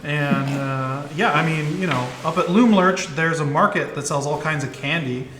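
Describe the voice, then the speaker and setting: A man's voice: on the high side, moderate pace, fairly bright tone, echoey room, slight background noise. A man narrating as dungeon master, rambling and laughing as he voices the characters. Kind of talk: narrating a tabletop game.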